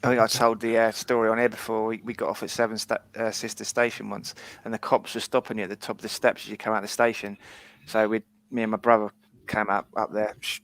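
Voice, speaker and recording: A man on a fan podcast panel, telling an animated story in casual chat and swearing freely. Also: on the low side, quick pace, dry recording.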